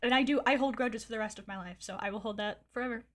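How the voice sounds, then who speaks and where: Speaking a little high and at a quick pace, a woman streamer tells a gossipy story in casual chat. Her candid delivery rambles along, full of fillers, frequent swearing and laughter.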